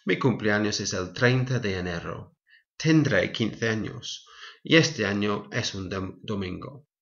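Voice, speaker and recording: A man teaching a Spanish lesson, reading example lines slowly and explaining each step clearly. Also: fairly low pitch, expressive, dull audio. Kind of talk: recorded language lesson.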